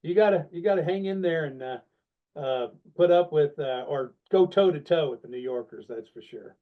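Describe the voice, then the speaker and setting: A middle-aged man tells animated, self-deprecating stories in a relaxed podcast interview. His voice sits a little high for a man. The recording is dull and lo-fi, with the top end rolled off. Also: moderate pace. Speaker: guest, longtime sales leader. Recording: dull, lo-fi sound.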